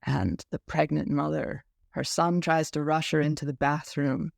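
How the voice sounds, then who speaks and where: A man who serves as a meditation teacher, telling a story in an unhurried, tender, musing way. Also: a little high, steady tone, creaky, dry recording, clean studio sound. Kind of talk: reflective storytelling talk.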